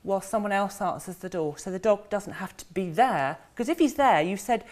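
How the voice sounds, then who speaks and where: A woman's voice: mid-range voice, darkish tone. A woman, a dog behaviour expert guest, talking casually in a TV studio and acting out dogs and owners as she explains. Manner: chatty, acts out dogs and owners in quick voices.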